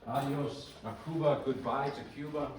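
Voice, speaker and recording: A man introducing pieces at a recital, talking in a relaxed, rambling and self-deprecating way. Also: medium pitch, moderate pace, heavy background noise. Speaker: pianist giving a recital talk. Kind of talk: casual spoken introduction between pieces. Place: recital hall. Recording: echoey hall, voice heard from far off.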